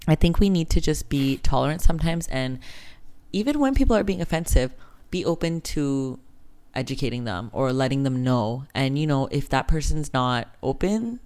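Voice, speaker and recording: A woman's voice: very deep voice, expressive, normal speed, darkish tone, smooth. A Canadian woman in her thirties hosting a podcast, talking frankly and casually, with swearing. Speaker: podcast host.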